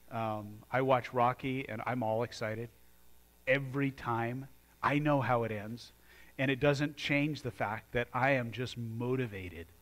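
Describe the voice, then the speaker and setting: A man preaching a sermon as pastor, moving from quiet, earnest talk to loud, fired-up exhortation. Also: medium pitch.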